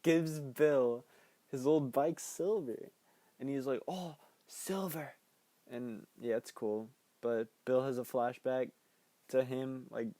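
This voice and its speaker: A man's voice: mid-range voice, mellow, no room sound. A man hosting a podcast, recapping a film in a rambling, casual way, laughing often and swearing. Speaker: podcast host reviewing a film.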